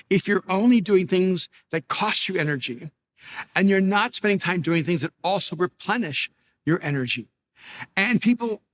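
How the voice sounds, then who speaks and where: Middle-aged pastor guy, brightish higher voice, chatty storytelling sermon w lots of restarts. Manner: storytelling with many restarts and self-deprecating humor. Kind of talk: conversational sermon.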